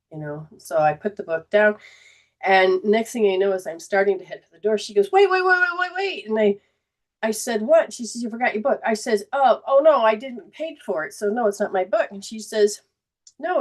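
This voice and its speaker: A woman's voice: mid-range voice, a little mellow. A middle-aged woman hosting a spiritual healing show, telling a personal story with feeling and choking up as she goes. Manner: emotional, chokes up and laughs through tears while telling a story. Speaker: host.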